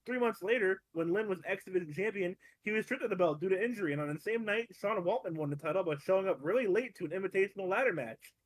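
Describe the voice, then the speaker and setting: A man co-hosting a casual podcast, giving opinions with stammered restarts and the odd curse. His voice sits fairly high. The recording is dry and close. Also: fast, few pauses, dry recording. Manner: relaxed, stammering restarts, swears for emphasis. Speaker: podcast co-host. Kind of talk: casual chat.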